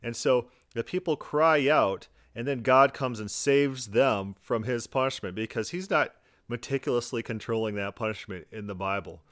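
A man hosting a podcast, talking fast in a sarcastic, mocking commentary style. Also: mid-range voice, fairly bright tone, dry recording, studio quality. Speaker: podcast host. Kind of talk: argumentative commentary.

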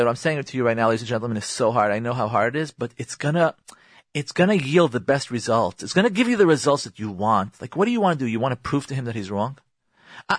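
A man's voice: mid-range voice, no room sound. A man hosting a radio advice show, talking emphatically and repeating his points to listeners, with Hebrew religious terms mixed into his speech. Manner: emphatic, repetitive, addresses listeners directly. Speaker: radio host giving marriage advice.

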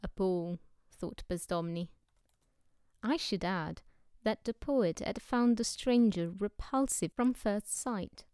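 A woman narrates a novel at a steady, even pace. Her voice is smooth and clear, at a middle pitch for a woman. The recording sounds close and dry, with no room around it. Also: no echo. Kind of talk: audiobook narration.

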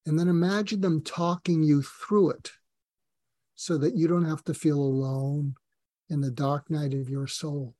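A man's voice: a little high, fairly even intonation, a little slow, warm tone, dry recording. A middle-aged man, a podcast guest, telling personal stories in an earnest, rambling way with many fillers. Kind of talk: casual personal storytelling.

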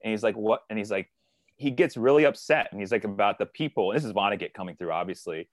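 A man with a low voice talks through a book in a relaxed podcast chat. He speaks earnestly and rambles a little, retelling scenes in his own words. The sound is dry and close, with no room around it. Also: fast talker, no echo. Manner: earnest, rambling, quotes characters in paraphrase. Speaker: co-editor and podcast co-host. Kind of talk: casual literary discussion.

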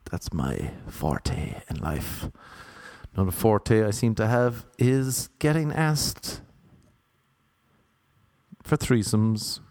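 A man with an Irish accent telling rambling, self-mocking stand-up stories in a deadpan way. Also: mid-range voice. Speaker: comedian. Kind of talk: stand-up storytelling.

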